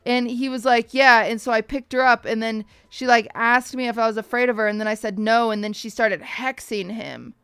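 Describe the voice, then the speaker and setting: A woman's voice: fairly high pitch, a little fast, few pauses, clear, resonant tone, dry recording, clean studio sound. A young woman streamer casually telling a story to her chat, acting out the people she quotes and swearing freely. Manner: animated, acts out quoted voices, swears casually.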